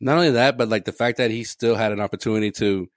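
A man's voice: lowish voice, fast talker, dry recording. A man co-hosting a casual sports podcast, rambling and profane, laughing often between points. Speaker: podcast co-host.

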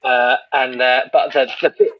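A man with a husky voice, giving dry, opinionated takes in a casual film chat. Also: medium pitch, flat delivery, normal speed, dry recording, dull audio.

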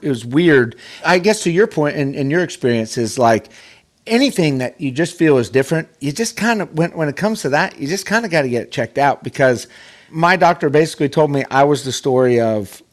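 Animated man telling a story. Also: on the high side, fairly quick. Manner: animated, acts out quoted voices, many restarts. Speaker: podcast guest, pro golfer. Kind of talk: casual storytelling.

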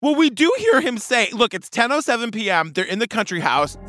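A woman's voice: a little high, sing-song, fairly quick, over music. A woman co-hosting a podcast, laughing often and making wisecracks in casual chat. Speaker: podcast co-host.

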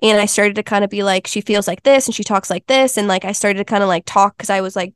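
Interview guest: woman with a smooth, resonant voice, earnest and chatty, close dry sound. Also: mid-range voice, fast talker, no echo. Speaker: Ayurveda health counselor and intuitive healer, interview guest. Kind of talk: casual interview chat.

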